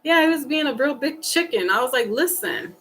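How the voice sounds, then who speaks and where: Slightly high-voiced woman chatting on stream. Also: quick pace, background noise. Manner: talks through grief, quoting herself and a friend in animated voices. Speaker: tarot reader on a livestream. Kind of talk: casual chat with live viewers.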